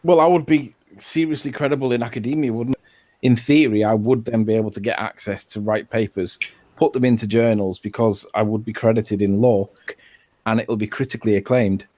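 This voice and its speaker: A man answering interview questions in a self-assured manner, pausing with fillers. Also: lowish voice, steady tone, warm tone. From England.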